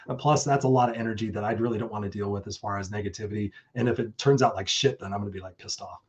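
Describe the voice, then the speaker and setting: A man's voice: on the low side, fairly even intonation, quick pace, highs cut off. A man hosting his own live stream, talking casually and effusively with some swearing, and reading out chat comments. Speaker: host.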